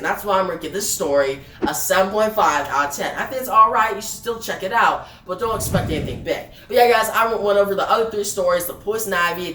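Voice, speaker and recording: A woman's voice: fairly low pitch, a bit bright. A woman casually reviewing a comic book, chatty and loose, with fillers and restarts. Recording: roomy echo, distant from mic, faint music.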